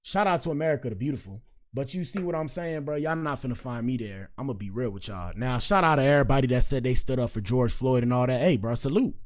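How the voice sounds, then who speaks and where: Man hosting a podcast, mid-pitched, slangy and joking, rambling asides. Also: quick pace, a little hiss or hum. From Miami, Florida. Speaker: podcast host. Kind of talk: casual commentary show.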